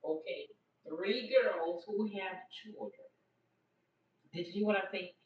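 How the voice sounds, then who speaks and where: A woman's voice: mid-range voice, unhurried. An older woman, talking casually to her livestream viewers, emphatic and repeating herself for effect. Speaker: livestream host. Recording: distant, dull, echoey room sound.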